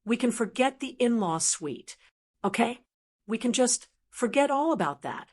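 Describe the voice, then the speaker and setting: A woman's voice: on the high side, lively intonation, measured pace, slightly rough. A woman doing a frantic, stammering daughter-in-law. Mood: pleading. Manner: shrieking, pleading, stammering.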